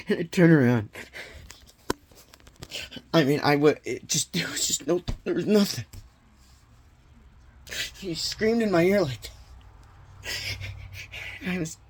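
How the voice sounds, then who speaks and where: A man vlogging a personal confession, retelling events in an agitated, halting way with nervous laughs. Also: high voice, vocal fry, breathy edge.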